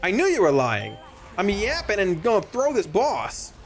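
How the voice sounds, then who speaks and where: A man streaming a game live, talking casually to his viewers, excitable and stammering, often repeating himself. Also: sits high, moderate pace.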